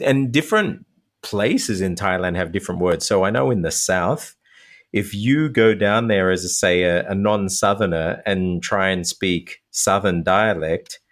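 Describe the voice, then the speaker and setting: A man, a language teacher, talking as a guest in a casual podcast interview, animated and dropping into quick voiced examples. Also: low-pitched.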